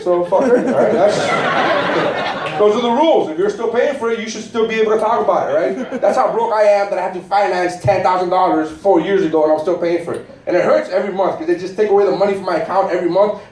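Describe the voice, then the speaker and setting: Guy in his 30s doing standup on a stage, high voice, echoey theater heard from far off, crowd laughing. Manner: animated, rhetorical "right?" asides. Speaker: stand-up comedian. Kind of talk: live stand-up set. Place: cruise ship theater, audience laughing.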